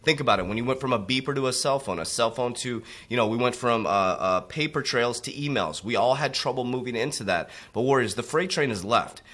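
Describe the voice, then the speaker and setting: Bright-voiced preachy motivational man. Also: brisk, hardly any pauses. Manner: preachy, repeatedly addresses listeners as warriors; drops low and quiet on tag words. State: coughing from allergies. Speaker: crypto motivational coach. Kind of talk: motivational monologue.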